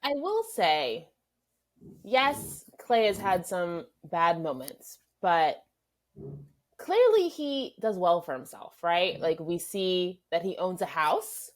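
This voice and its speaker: A woman's voice: lowish voice, sing-song, slow pace. A woman co-hosting a podcast, giving frank, opinionated takes in casual TV review chat. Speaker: podcast co-host.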